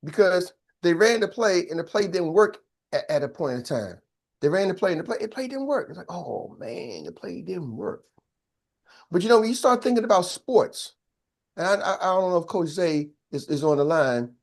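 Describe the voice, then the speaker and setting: A man's voice: sits high, brisk. An older man coaching a live business masterclass, talking with energy, repeating key phrases and asking his audience to answer back. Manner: energetic, repetitive and call-and-response.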